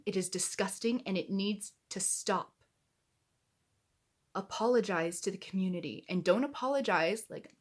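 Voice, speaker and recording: A woman's voice: fairly low pitch, moderate pace. A woman giving heated, indignant reaction commentary to camera, swearing as she gets angry. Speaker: YouTube commentator.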